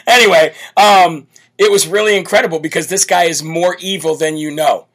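This man from the United States hosts live political commentary at a normal speed, his voice fairly high and a bit bright. His style as a talk show host is brash, bold and emphatic.

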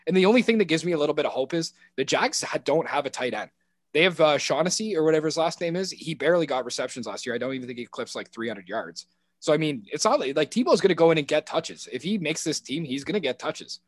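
A man co-hosting a casual football podcast, rambling and animated with frequent restarts. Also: a little high, fast talker, no room sound. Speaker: podcast co-host. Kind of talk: casual sports podcast chat.

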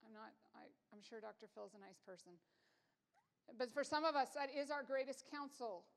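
A woman's voice: on the high side, moderate pace. A woman preaching a sermon, earnest and emphatic, talking conversationally with fillers and restarts. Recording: long hall reverb.

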